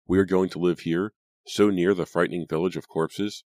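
A nervous young farm boy from a spooky storybook, speaking his worries in a hesitant voice, as a male narrator puts him on. The voice stays very deep and the recording is dry and close. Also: moderate pace, dry recording. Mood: worried. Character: anxious timid teenage farm boy. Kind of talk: audiobook character voice.

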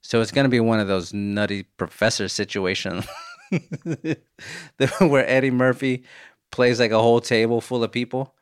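A man's voice: mid-range voice, unhurried, clear, resonant tone, no room sound, studio quality. Laid-back man telling funny stories. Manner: animated storytelling, swears, laughs often. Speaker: podcast host. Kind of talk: casual podcast chat answering listener voicemails.

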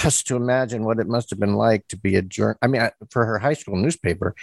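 A man hosting an interview, asking questions hesitantly with many pauses and restarts. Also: fairly low pitch, vocal fry, dry recording. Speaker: interviewer host. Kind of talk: interview conversation.

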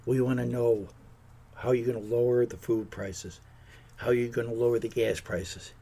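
Gravelly, indignant man ranting. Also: mid-range voice, level tone, normal speed, mellow. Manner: indignant, sarcastic, mocks politicians in put-on voices. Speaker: podcast host. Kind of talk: opinionated political rant.

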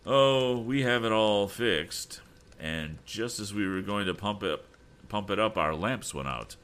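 A man voicing a proud, puzzled middle-aged banker who speaks formally and haltingly. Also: fairly low pitch, expressive, fairly bright tone, clean tone, voice pushed up. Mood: stiff.

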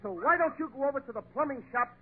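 A man's voice: very high-pitched, expressive, rapid-fire, breathy edge. A man in an old-time radio comedy routine, whiny and flustered, always mixing up his words. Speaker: comedian in a double act. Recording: tinny old radio broadcast with hiss.

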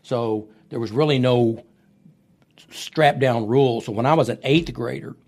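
A man's voice: medium pitch, a little slow. A middle-aged man, a podcast guest telling wrestling stories and acting out the voices of the people in them. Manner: animated storyteller who acts out quoted voices. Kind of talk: storytelling interview. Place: podcast studio.

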